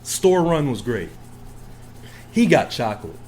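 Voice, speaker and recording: A young man co-hosting a podcast, ranting in a heated, profane, casual way and mimicking other people in low mumbled asides. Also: big pitch swings, unhurried, darkish tone, slight background noise. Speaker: podcast co-host.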